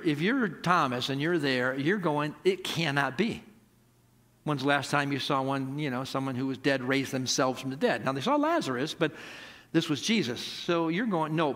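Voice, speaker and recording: A male pastor preaching an animated sermon, acting out the characters' lines as he tells the story. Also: on the high side.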